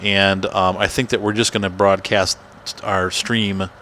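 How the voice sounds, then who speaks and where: Chatty bright-voiced man hosting gameplay. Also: low voice, flat delivery, measured pace, slight background noise. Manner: chatty, rambling, self-deprecating. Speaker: gaming channel host. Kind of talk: casual gameplay commentary. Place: home room. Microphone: desk microphone.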